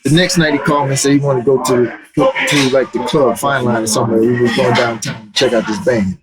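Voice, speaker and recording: A middle-aged man retells stories in an interview, relaxed and animated, with "man" dropped in at every turn. His voice sits at an ordinary pitch. Loud music plays behind him the whole time. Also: fairly quick, poor audio. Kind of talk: casual storytelling.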